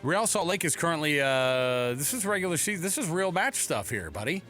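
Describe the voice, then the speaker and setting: A man's voice: a little high, big pitch swings, a little fast, pushed and bright, soft background music. A man hosting a casual sports talk radio show in a studio, joking and playful. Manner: joking, playful, does voices.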